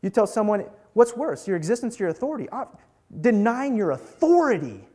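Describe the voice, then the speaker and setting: Lively high-voiced young preacher man. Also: a little fast. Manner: animated, joking, conversational. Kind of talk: casual sermon to a live group.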